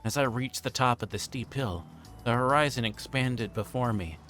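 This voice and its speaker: A man's voice: mid-range voice, moderate pace, a bit bright, faint music behind. A male streamer reading a visual novel aloud on a livestream, narrating plainly with occasional stumbles and restarts.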